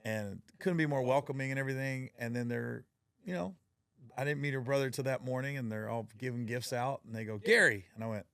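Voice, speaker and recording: A man hosting a podcast, telling personal stories in a casual, animated way and acting out the people in them. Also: medium pitch, brisk, gravelly, smooth, dry recording, studio quality. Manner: animated storyteller, acts out quoted voices, laughs often. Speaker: podcast host. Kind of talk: casual storytelling chat.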